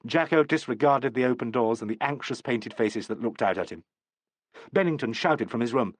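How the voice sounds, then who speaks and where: A man narrating an audiobook in a measured, expressive reading. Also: medium pitch, breathy edge, no echo. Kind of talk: scripted narration.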